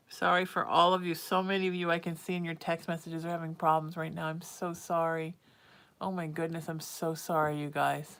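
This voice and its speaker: Woman, livestream host, chatty and warm-hearted, lowish voice, slips into whispers. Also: level tone, fairly quick. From Huntington Beach, California. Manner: chatty, affectionate, drifts into soft whispers. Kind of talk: casual livestream chat.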